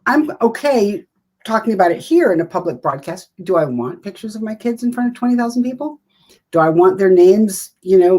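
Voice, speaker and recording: A woman's voice: mid-range voice, dark tone. A woman in her fifties, a guest in an interview, talking in a chatty, rambling way with self-deprecating humor. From United States. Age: 50s. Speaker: writer and guest. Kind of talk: casual interview talk.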